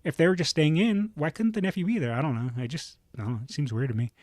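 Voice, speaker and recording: A man's voice: a little high, big pitch swings, fast, darkish tone, dry recording. A man streaming, reading online posts aloud and reacting with opinionated, rambling commentary full of fillers and restarts.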